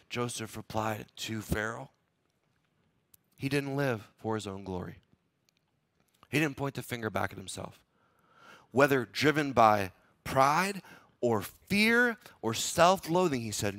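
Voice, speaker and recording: A man's voice: mid-range voice, animated, takes it slowly, pauses often, a bit bright. A man preaching a sermon as pastor, dramatically acting out the inner thoughts of a biblical figure and asking the congregation to repeat lines back. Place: church.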